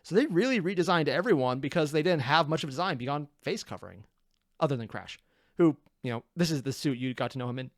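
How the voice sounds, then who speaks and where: A person reacting to an animated episode in casual commentary, full of laughs and stop-start thoughts. Their pitch leaps around a lot from moment to moment, and the sound is close and dry with no room echo. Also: quick pace. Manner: excitable, laughing, self-interrupting. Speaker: reaction video host.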